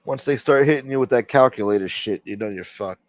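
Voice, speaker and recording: A man's voice: medium pitch, brisk, no echo, dull audio. A man hosting a casual livestream, reading out chat and rambling crudely with lots of swearing.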